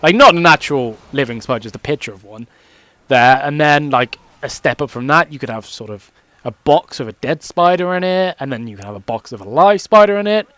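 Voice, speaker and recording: A man's voice: on the high side, expressive, a little fast, fairly bright tone, no room sound. A young man rambling casually and swearing freely as he commentates over his gameplay. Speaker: gaming commentator.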